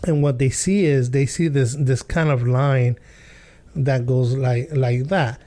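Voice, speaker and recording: A man's voice: medium pitch, steady tone, takes it slowly, mellow. A man hosting a podcast, telling a childhood story and commenting in a casual, rambling way with many fillers, restarts and chuckles. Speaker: podcast host.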